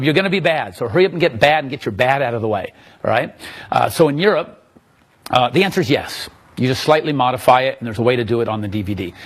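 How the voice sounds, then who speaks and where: A man teaching magic to a live audience in a room, answering questions in a joking, animated, self-mocking way. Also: medium pitch, slightly rough.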